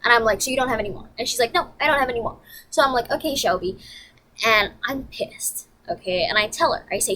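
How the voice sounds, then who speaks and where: Profane, animated woman ranting. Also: on the high side, quick pace, low-quality recording. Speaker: vlogger. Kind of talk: casual storytelling rant.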